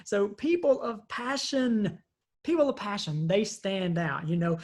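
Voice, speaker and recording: A woman's voice: mid-range voice, measured pace, a little mellow. A woman who is a parent of three, giving an earnest, conversational motivational talk full of storytelling. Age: parent of three kids. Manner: earnest, conversational, acts out voices in stories. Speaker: leadership speaker.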